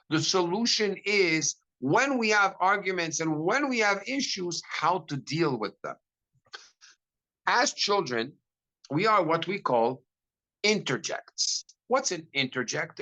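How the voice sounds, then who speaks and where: A middle-aged man, a rabbi, giving a lecture to a class in an animated storytelling way, with frequent restarts. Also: fairly high pitch, low-quality recording.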